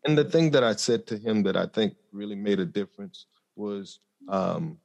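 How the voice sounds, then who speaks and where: A man speaking as a podcast guest, telling a personal story in an earnest, reflective way with frequent pauses and fillers. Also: fairly low pitch, expressive, gravelly, darkish tone, highs cut off. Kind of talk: conversational storytelling.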